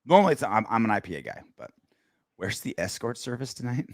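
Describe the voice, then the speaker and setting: A man's voice: medium pitch, big pitch swings, fast talker, creaky, dry recording, studio quality. A man co-hosting a post-game football podcast, bantering crudely and joking. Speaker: podcast co-host.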